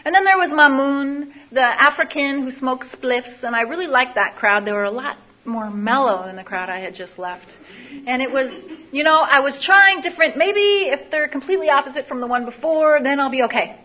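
A woman's voice: sits high, expressive, normal speed, highs cut off. A woman telling her own life story to an audience, candid and confessional, often repeating phrases. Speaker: speaker sharing a recovery story. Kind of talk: personal testimony to an audience.

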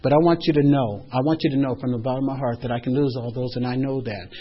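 A man's voice: medium pitch, fairly even intonation, quick pace, breathy edge. An older man speaking at a recovery meeting, giving heartfelt personal testimony with earnest, emotional storytelling. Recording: dull lo-fi recording.

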